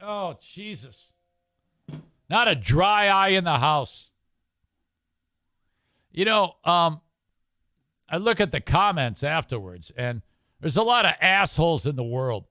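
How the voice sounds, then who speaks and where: A man's voice: a little high, sing-song, measured pace, long pauses, sharp tone, dry recording, clean studio sound. A man hosting a podcast, talking bluntly and swearing freely as he reads out comments and does live ad reads. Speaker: podcast host. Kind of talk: casual talk and live ad reads.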